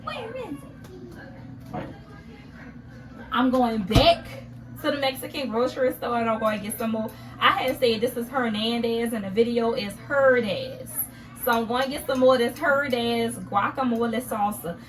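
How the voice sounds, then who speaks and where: A woman's voice: on the high side, moderate pace, poor audio. A young woman, chatting casually and rambling with many fillers in a home vlog. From Louisiana, USA. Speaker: vlogger. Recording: music playing behind.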